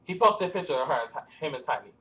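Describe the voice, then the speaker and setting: A man's voice: fairly high pitch, very animated, fast talker. A young man rambling through celebrity gossip in a casual vlog, with nervous laughter, recorded with dull lo-fi webcam sound in a room at home. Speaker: vlogger.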